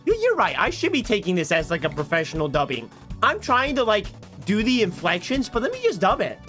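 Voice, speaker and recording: A man's voice: sits high, huge pitch swings, a little fast, a bit bright, faint music behind. A man streaming casually, flustered and self-mocking as he talks through his voice attempts aloud. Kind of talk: casual livestream chat.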